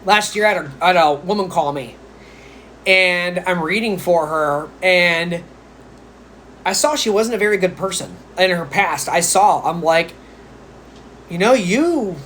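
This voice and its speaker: A man's voice: high-pitched, a little slow, fairly bright tone, slight background noise. Chatty man giving spiritual advice. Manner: chatty, rambling with playful asides. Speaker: psychic medium. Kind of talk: casual spiritual live stream talk.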